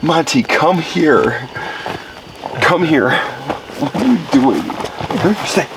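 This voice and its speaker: A man filming a camping vlog in the woods, talking slowly with a gravelly edge. His pitch swoops up high when he coaxes his dog. The recording carries clear outdoor noise. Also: expressive. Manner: coaxing a dog in a sing-song voice. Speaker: outdoor vlogger.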